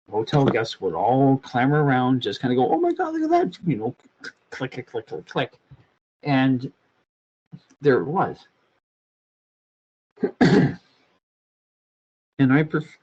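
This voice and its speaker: An older man with a husky voice, telling a meandering, crude story in casual podcast chat. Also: mid-range voice, lo-fi sound. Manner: crude, meandering, many restarts. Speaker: podcast co-host.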